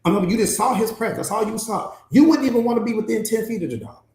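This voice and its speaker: A man coaching a live motivational class, telling stories in a lively, casual way. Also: sits high, fast, reverberant. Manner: animated storytelling, casual and laughing.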